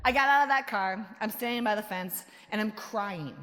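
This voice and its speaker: A woman's voice: mid-range voice, normal speed. A woman speaks from a conference stage, giving a motivational keynote. She tells stories with animation and acts out what people said, her voice sitting in the middle of the usual range for women. Long reverb from the large hall trails after her words. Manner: animated storyteller who acts out quotes and laughs.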